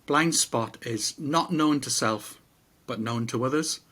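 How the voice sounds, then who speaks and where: Man, middle-aged, husky, medium pitch, reflective casual chat, rambling. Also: takes it slowly, a bit bright. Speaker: podcast co-host.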